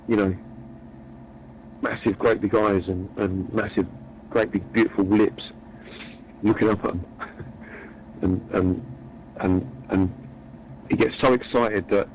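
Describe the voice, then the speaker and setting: A low-pitched man rambles through a joke, chatty and meandering, often repeating himself. The recording is dull and lo-fi. A faint engine hum sits behind him. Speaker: storyteller.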